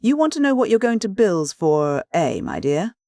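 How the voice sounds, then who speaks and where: A man's voice: high voice, big pitch swings, moderate pace, vocal fry, dark tone, dry recording, pitched above the performer's own voice, exaggerated voice. A sly old thief with a cajoling, mock-affectionate manner and a raised, lifted voice, as a male audiobook reader puts him on. He wheedles and chuckles over his words, recorded dry and close. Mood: wheedling. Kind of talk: audiobook character voice.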